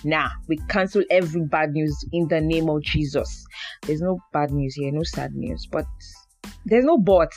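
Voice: mid-range voice, fairly even intonation, moderate pace, soft background music. A podcast host with a Nigerian accent talking to listeners in a chatty, playful monologue, often repeating words for emphasis. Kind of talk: casual monologue.

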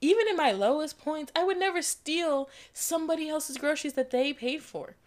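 Young woman, podcast host, casual monologue, profane, animated, frequent laughter, higher pitch. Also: moderate pace. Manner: animated, profane, laughs often mid-sentence.

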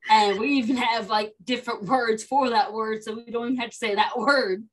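A woman's voice: on the high side, fairly even intonation, a little fast, low-quality recording. A young woman with a Southern US accent, co-hosting a casual podcast chat, peppering her talk with "like" and "okay?". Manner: chatty, lots of "like" and "okay?". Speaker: podcast co-host.

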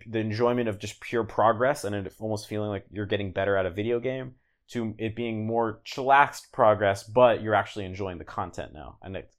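Low-pitched male guest, loose conversational delivery, frequent fillers. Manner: relaxed, rambling, many "like"s and restarts. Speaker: guest, language learner. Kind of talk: casual podcast interview.

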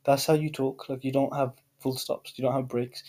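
A man's voice: medium pitch, little pitch movement, moderate pace, mellow. A man co-hosting a casual podcast, teasing his partner in a dry, needling way. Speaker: podcast co-host. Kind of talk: casual banter.

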